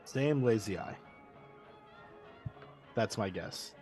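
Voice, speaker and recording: A man's voice: lowish voice, lively intonation, slow pace, a little mellow, soft background music. Man player at a tabletop game.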